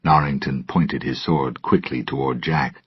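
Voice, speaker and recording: Deep husky man reading a story. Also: steady tone, dry recording. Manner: slow, careful reading. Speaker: narrator. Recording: dull lo-fi, dry.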